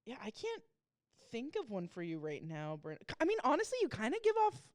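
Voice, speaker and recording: Woman co-host, animated, swearing, giggly, swooping pitch, dry close mic. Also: fairly quick, no echo. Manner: playful, profane, bursts of laughter. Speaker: podcast co-host. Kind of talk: casual chat.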